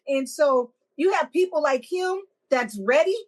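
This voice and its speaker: A woman's voice: high-pitched, lively intonation, unhurried. A woman with a Texan accent, a death doula telling stories in a blunt, plainspoken way as a guest. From Texas. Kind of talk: conversational interview.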